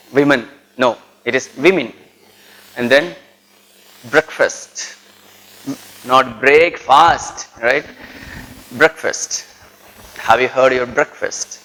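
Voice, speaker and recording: A man's voice: mid-range voice, fairly bright tone, poor audio. A man with an Indian English accent giving a pronunciation lesson to students, repeating words with heavy stress and checking in with "right?". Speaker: lecturer. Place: college lecture.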